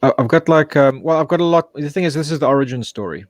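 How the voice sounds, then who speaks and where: A man who makes comics, chatting as a guest in a halting way, with a voice he calls monotone. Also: fairly high pitch, dry recording, studio quality. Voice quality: self-described monotone voice. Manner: halting, searching for words. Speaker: comic book creator guest. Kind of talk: casual chat.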